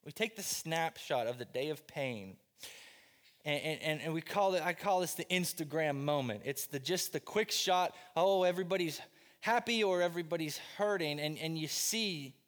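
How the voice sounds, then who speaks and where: A man preaching a sermon with passion, repeating phrases and swinging between loud pleading and quiet, low lines. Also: expressive, normal speed, in a large hall. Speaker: pastor.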